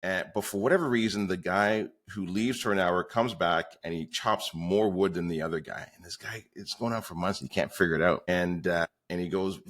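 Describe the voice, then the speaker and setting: Podcast guest, male, real estate coach, very low voice, rambling anecdotal storyteller. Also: moderate pace, few pauses, fairly bright tone. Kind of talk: conversational storytelling.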